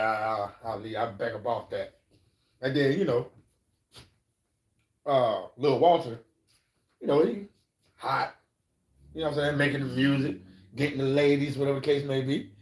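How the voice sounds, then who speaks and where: A man live-streaming, telling stories in a rambling, profane way and checking in with listeners, in an echoey room. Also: fairly high pitch. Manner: rambling, profane, keeps asking "you know what I'm saying". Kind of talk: casual storytelling.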